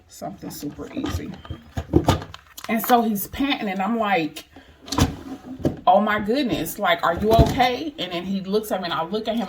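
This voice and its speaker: Chatty woman telling a story on camera. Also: medium pitch. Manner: chatty, keeps asking "you know what I mean"; earnest, emphatic retelling. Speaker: vlogger. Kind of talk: casual storytelling chat.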